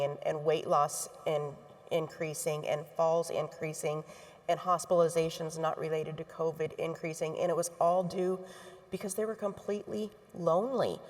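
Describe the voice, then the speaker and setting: A middle-aged woman with a somewhat low voice speaks earnestly from a stage. Her delivery is heartfelt and steady. A long hall reverb trails her words. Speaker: healthcare association board chair. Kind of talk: onstage talk to an audience.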